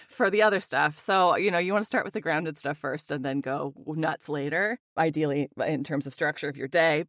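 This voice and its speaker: A woman's voice: low-pitched, normal speed, no room sound. A woman voice actor chatting in an interview, bubbly and full of fillers, recorded at home on a studio condenser mic. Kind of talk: casual interview chat.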